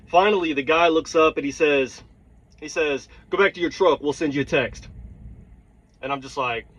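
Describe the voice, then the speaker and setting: A man's voice: on the high side, moderate pace, a bit bright, poor audio. A truck driver telling a heated, blunt story, swearing and checking in with his listeners as he vents. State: tired. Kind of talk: storytelling vlog rant.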